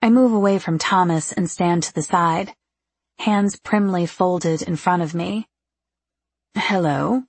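A woman with a husky, gravelly voice narrating a first-person novel in an intimate, confiding way. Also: on the low side, steady tone, unhurried, dry recording. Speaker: audiobook narrator.

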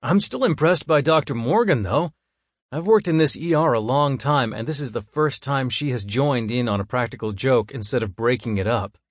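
A man's voice: mid-range voice, moderate pace, no room sound, studio quality, voice pushed up, lightly acted. A man voicing a jovial male ER nurse who teases a coworker. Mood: teasing.

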